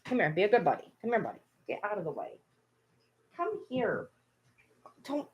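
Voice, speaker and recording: A woman's voice: mid-range voice, wildly swooping pitch, normal speed, highs cut off, a little hiss or hum. A woman vlogging casually at home, playfully scolding her dogs in a baby-talk tone. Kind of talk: casual vlog chat.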